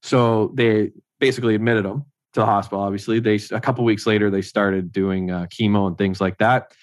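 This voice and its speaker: A man in his thirties, speaking as an interview guest in a relaxed, chatty storytelling way. His voice sits on the low side and sounds dry and close, with no room echo. He slips easily into acting out what other people said, peppering his talk with "like". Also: fairly quick. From Ontario, Canada. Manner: conversational, acts out others' lines, frequent "like". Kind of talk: casual personal storytelling.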